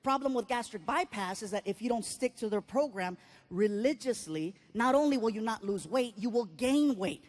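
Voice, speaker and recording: Animated high-voiced woman telling a comic story. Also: normal speed. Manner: animated, acts out voices and sound effects. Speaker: comedian. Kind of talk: stand-up storytelling.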